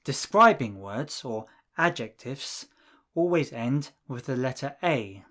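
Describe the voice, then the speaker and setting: A man narrating a language lesson, slow and deliberate, spelling out words for learners. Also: mid-range voice, expressive, a bit bright. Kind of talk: scripted instructional narration.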